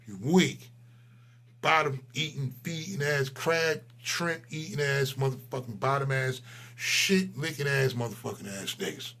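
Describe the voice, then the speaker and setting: A man in his forties, a channel host, delivering a profane, heated ranting monologue that swings between loud outbursts and low mutters. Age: 40s.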